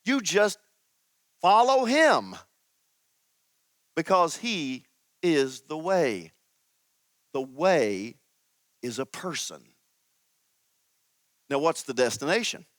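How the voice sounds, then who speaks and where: A man preaching a sermon as pastor, teaching slowly and emphatically with dramatic pauses. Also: on the high side, expressive, a bit bright, no room sound.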